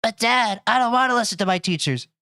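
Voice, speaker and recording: A man's voice: very high-pitched, animated, fast talker, bright, forceful tone, no room sound, clean studio sound, voice pushed up, full character voice. A man playing a sulky young son with a whiny way of talking.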